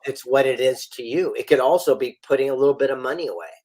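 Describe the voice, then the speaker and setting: A man's voice: mid-range voice, quick pace, a little mellow. A middle-aged man, a guest author and speaker, telling stories in an interview and acting out the dialogue he quotes. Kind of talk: storytelling interview.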